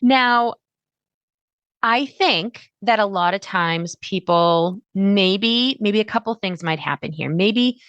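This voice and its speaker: A middle-aged woman hosting a solo podcast, chatty and animated, acting out her listeners' words. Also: mid-range voice, slow pace, no echo, dull audio. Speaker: podcast host.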